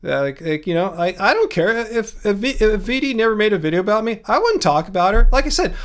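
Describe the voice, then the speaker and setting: A man's voice: high voice, very animated, fast, fairly bright tone. A man hosting a casual livestream, ranting sarcastically and chatting directly with viewers in the comments. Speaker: livestream host.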